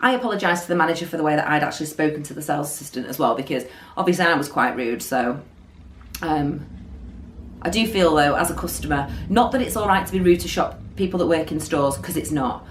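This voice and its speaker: Lively woman telling a story. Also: low voice, fast talker, slight background noise. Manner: animated storytelling, acting out quotes. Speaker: beauty vlogger. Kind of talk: storytime vlog. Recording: roomy echo.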